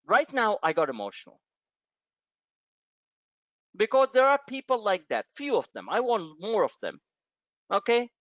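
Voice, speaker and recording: A man's voice: high voice, huge pitch swings, a little slow, pauses often, a bit bright, dry recording. Man, trading webinar host, blunt, emotional, crude, very dry close sound, muffled audio. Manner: impassioned, emotional motivational rant. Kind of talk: live stock-trading webinar.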